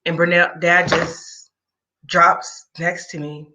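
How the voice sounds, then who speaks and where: A woman's voice: on the low side, little pitch movement, slow, sharp tone. A woman in an interview recounting a personal story in a candid, conversational way with wry asides. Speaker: guest sharing a personal story.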